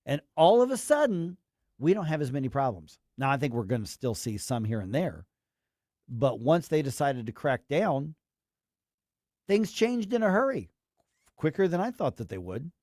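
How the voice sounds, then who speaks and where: A man's voice: a little high, very animated, moderate pace, darkish tone, no echo, studio quality. A man hosting a talk radio show, giving emphatic, rambling opinions with acted quotes.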